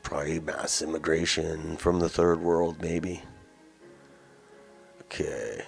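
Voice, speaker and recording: Deep-voiced blunt male commentator. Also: little pitch movement, slow, vocal fry, soft background music. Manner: blunt, rambling, mocking. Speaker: host of a daily news commentary show. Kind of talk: casual opinion commentary.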